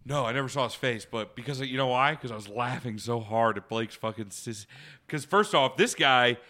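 A young man in casual chat, telling a crude story with animated laughter. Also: medium pitch, brisk. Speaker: podcast co-host.

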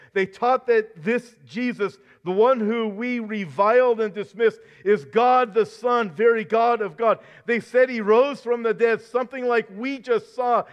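A shaken male TV news anchor, as a preacher puts him on, pleads in an urgent, raised voice. The voice sits high and strained. The recording sounds dull and lo-fi.

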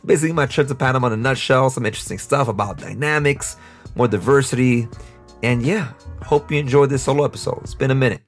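A man's voice: medium pitch, quick pace, faint music behind. A young man with a New York accent, hosting a casual solo podcast and talking in a rambling, off-the-cuff way with frequent laughs. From United States, New York. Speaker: podcast host.

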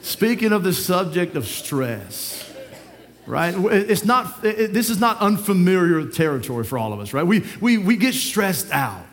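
A man's voice: sits high, sing-song, a little slow. A man preaching a sermon in church, talking conversationally, often repeating words and checking in with "right?".

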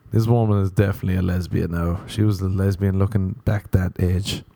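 This Irish stand-up comic speaks briskly, his low voice creaky yet warm and fairly even in intonation, in a dry recording. Sunburnt, he tells profane, playful stories in a rambling podcast monologue, mocking others in quoted voices.

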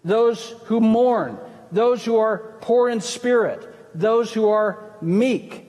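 A pastor takes his time delivering a sermon in a church sanctuary, using a high, slightly mellow voice. He talks in a conversational way and poses questions to the congregation, and the hall gives the recording a long reverb.

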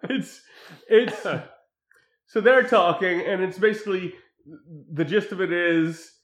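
A man casually recapping a film's plot, animated, often acting out quoted lines. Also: high voice, unhurried, reverberant. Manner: animated retelling with acted quotes. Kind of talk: casual film recap chat.

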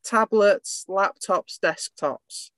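A woman's voice: mid-range voice, drawn-out words, a bit bright, no echo. A woman with an English accent, a guest running an IT repair business, talking in a friendly, plain-spoken way. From England. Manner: friendly, conversational, explains plainly. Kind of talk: casual interview chat.

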